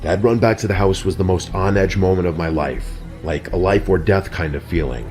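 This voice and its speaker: A man narrating a scripted horror story in a steady, even storytelling delivery. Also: low-pitched, a little fast. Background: soft background music.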